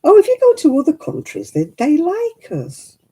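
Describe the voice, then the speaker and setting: A woman's voice: high-pitched, wildly swooping pitch, normal speed, warm tone, poor audio. A middle-aged woman chatting casually at home while she crafts. She tells stories and laughs often. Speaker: craft vlogger.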